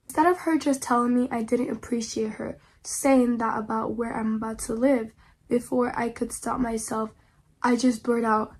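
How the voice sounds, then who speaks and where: A woman's voice: fairly high pitch, fairly even intonation, normal speed, a little mellow, breathy edge. A woman reading online posts aloud and reacting to them in casual, slangy commentary, often pleading dramatically with her viewers.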